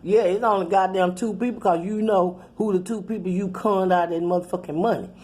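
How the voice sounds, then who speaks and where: A woman's voice: mid-range voice, fairly even intonation, a little fast, dark tone. A middle-aged woman telling a rambling, profane, laughing story in casual chat. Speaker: channel host.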